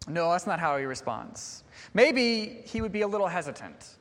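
A man's voice: sits high, very animated, moderate pace, fairly bright tone, big-room sound. A man preaching a sermon in an earnest tone, posing rhetorical questions to the congregation.

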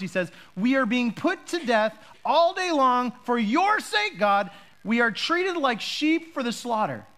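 A man's voice: extremely high pitch, fairly bright tone. A pastor preaching to his congregation, conversational and joking at times, rising to emphatic calls when he makes a point. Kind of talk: sermon.

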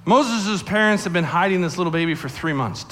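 A male pastor preaching a lively sermon in a church sanctuary, telling the story with acted-out voices and questions aimed at the kids. His voice is bright and forceful, sitting a bit high for a man. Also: a little fast. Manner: animated storyteller acting out voices, addressing kids. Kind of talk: sermon to a family congregation.

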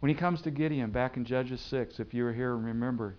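Pastor, male, dramatic sermon delivery with sharp loud and soft swings, dull lo-fi recording. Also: mid-range voice, fairly quick.

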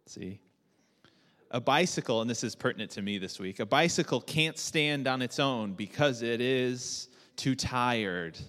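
A man preaching a sermon as pastor, relaxed and joking, with many fillers and restarts. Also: mid-range voice, a little slow, long reverb tail.

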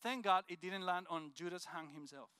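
A man's voice: high-pitched, normal speed, sharp tone, slight background noise. A man from Colombia, giving a heartfelt personal testimony in an earnest storytelling way. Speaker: speaker sharing a personal testimony. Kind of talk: emotional personal testimony talk.

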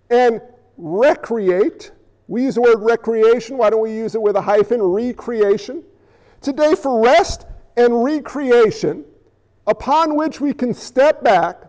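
High-voiced preacher in an echoing hall. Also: male voice, a little mellow, lo-fi sound. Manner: conversational, asks rhetorical questions, dramatic pauses. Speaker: pastor. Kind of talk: sermon. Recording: long reverb in a large hall.

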